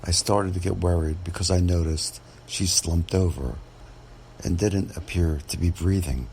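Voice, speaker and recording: A man, a real estate agent, telling a true story from his work in a measured, dramatic way. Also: deep voice, steady tone, dark tone, slight background noise. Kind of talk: first-person storytelling podcast.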